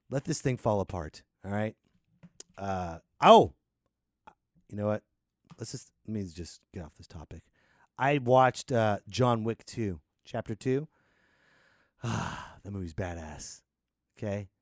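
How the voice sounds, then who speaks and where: A man from the United States hosting a solo comedy podcast: an animated rant, laughing often and slipping into voices. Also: fairly low pitch, no echo, clean studio sound. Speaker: podcast host.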